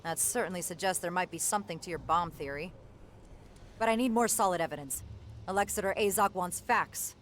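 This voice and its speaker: A woman's voice: on the low side, brisk, a bit bright, slight background noise, natural voice. An actress voicing a sarcastic, demanding female commander in a game. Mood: stern. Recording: game audio with music behind. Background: music.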